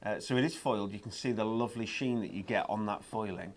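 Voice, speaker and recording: A man's voice: fairly low pitch, quick pace. A man presenting craft products on a live shopping show, chatty and enthusiastic, with lots of ums and uhs.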